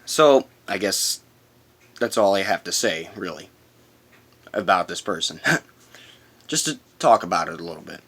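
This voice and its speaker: A man's voice: deep voice, lively intonation, a little slow, long pauses, fairly bright tone. A man rambling through a casual storytime vlog, bluntly retelling a work story and swearing now and then. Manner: rambling, repeats himself, talks in run-on quotes. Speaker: vlogger.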